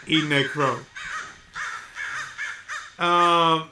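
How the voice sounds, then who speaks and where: A man giving casual live stream commentary on a fight, talking straight to his viewers. He gets excited easily and fills his talk with fillers and restarts. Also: a little high, very slow, pauses often, a little hiss or hum.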